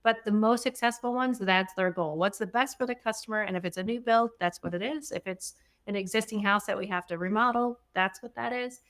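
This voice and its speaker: A middle-aged woman, a remodeling guest on a podcast, chatting in a lively, talkative way. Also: mid-range voice, brisk. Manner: chatty, animated, laughs easily. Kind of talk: casual interview chat.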